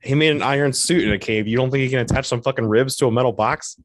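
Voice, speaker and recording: A man's voice: medium pitch, fast, dry recording, clean studio sound. A man co-hosting a casual podcast, blunt and opinionated, swearing freely as he argues. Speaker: podcast co-host. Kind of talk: casual chat.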